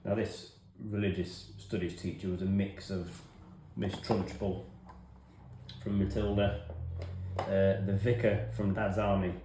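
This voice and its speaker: Deep-voiced wry English man. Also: a little mellow, roomy sound, slight background noise. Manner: self-deprecating, wry, chatty. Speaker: hobby vlogger. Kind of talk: rambling casual storytelling. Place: home hobby room.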